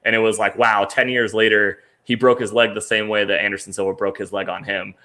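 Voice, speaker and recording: A man's voice: on the low side, little pitch movement, brisk, sharp tone. A man co-hosting a casual sports podcast, talking in a loose, rambling way with lots of fillers. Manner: rambling, filler-heavy, laughs while telling stories. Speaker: podcast co-host.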